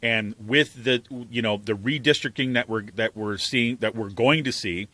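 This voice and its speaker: A middle-aged man hosting a casual political talk show, animated and loose, laughing often. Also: lowish voice, moderate pace, no echo. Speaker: podcast host and editor.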